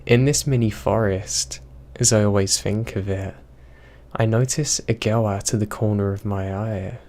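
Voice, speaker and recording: Slow, low-voiced male horror narrator. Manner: slow, even storytelling. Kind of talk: reading horror stories aloud.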